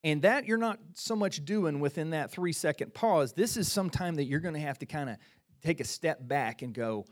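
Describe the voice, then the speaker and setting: A middle-aged pastor delivers a sermon in a lively, conversational manner, frequently repeating phrases and starting sentences over. His voice is slightly high and his pace is normal.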